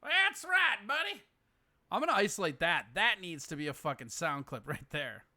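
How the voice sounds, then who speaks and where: A man's voice: fairly high pitch, big pitch swings, brisk. A man hosting a podcast, reacting to a clip in casual, incredulous commentary, laughing and swearing often. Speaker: podcast host. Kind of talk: casual commentary on a viral video.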